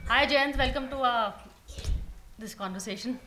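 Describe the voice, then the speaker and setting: A woman with an Indian English accent hosting a televised panel discussion, brisk and teasing as she pushes her guests for answers. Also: on the high side, pushed and bright, slight background noise. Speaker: TV news host.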